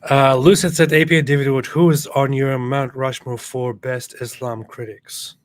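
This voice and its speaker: A man's voice: medium pitch, flat delivery, moderate pace. A man co-hosting a livestream, commenting with scorn and reading out viewer messages, laughing at his own points. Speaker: livestream co-host.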